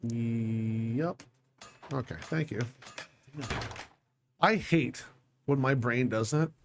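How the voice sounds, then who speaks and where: A man's voice: mid-range voice, slow pace, gravelly, slight background noise. A man playing a video game who thinks aloud as he plans, talking to himself in a casual, scattered way, frustrated and swearing a little. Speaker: let's play gamer. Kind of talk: casual gameplay commentary.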